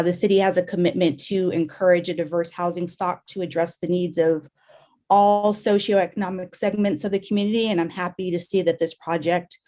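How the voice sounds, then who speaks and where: Low, mellow-voiced woman losing her voice. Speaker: planning commissioner. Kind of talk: prepared remarks at a public meeting.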